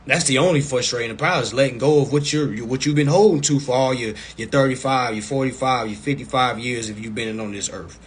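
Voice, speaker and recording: A man coaching viewers in a casual live stream over a phone mic, blunt and profane, repeating himself and breaking into loud, emphatic bursts. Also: medium pitch, a little fast, few pauses, a little hiss or hum.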